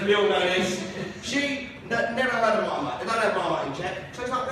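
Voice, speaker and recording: A man's voice: very high-pitched, expressive, moderate pace, hardly any pauses, a crowd in the background. A young man doing a stand-up comedy set in a comedy club, crude and swearing, with mock-outraged punchlines. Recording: echoey club room from far off.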